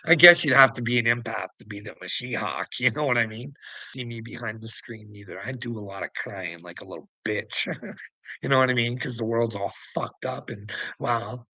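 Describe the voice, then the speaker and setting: A man's voice: mid-range voice, sharp tone, dry recording. A man talking to the camera in a rambling, preachy monologue, swearing constantly. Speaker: vlogger.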